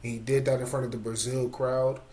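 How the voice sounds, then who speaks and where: A man chatting on a fight podcast with a lot of hype. He has a medium-pitched voice and a playful, teasing delivery, and he leans on his catchphrases. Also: level tone, a little fast, mellow, slight background noise. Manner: hyped, playful, repeats catchphrases. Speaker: podcast co-host. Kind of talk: casual MMA chat.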